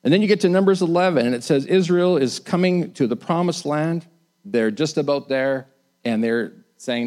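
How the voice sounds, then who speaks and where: Male preacher, animated sermon delivery with emphatic peaks. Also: mid-range voice, moderate pace. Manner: animated, rising to emphatic bursts; acts out the complaining crowd in quoted lines.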